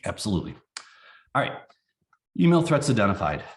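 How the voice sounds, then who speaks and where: A man who runs a company, presenting a casual training webinar in a folksy, animated way and acting out examples. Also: fairly low pitch, fairly quick.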